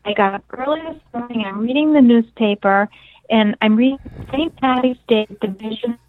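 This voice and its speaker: A woman's voice: on the high side, normal speed. A woman guest, an author, earnestly telling a personal story and acting out the dialogue as she goes. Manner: earnest, retells dialogue vividly. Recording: phone-line sound.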